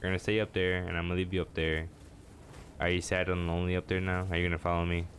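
A man's voice: low voice, little pitch movement, quick pace, a bit bright, a little hiss or hum. A young man commentating his own video game match at home, self-mocking and talking to his opponents. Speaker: gaming channel host.

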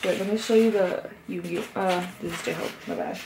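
Excitable young woman, sniffly, echoey room. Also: fairly low pitch, moderate pace, gravelly. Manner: excitable, gushing, often confused, with sudden squeals and gasps. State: stuffy and sniffling from a cold. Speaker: vlogger unboxing an album. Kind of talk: casual unboxing chat to camera. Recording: echoey room, faint background noise.

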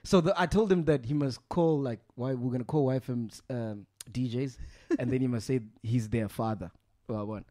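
A man hosting a podcast, telling stories in a loose, swearing, animated way. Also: mid-range voice, moderate pace, no echo, clean studio sound. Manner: animated, swears freely, acts out voices. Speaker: podcast host. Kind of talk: casual storytelling chat.

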